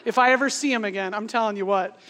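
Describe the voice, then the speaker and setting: Woman in her 40s, lively storytelling preacher, mid-pitch voice, long hall reverb. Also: fast. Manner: animated, laughing through a funny story. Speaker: speaker. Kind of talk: sermon storytelling.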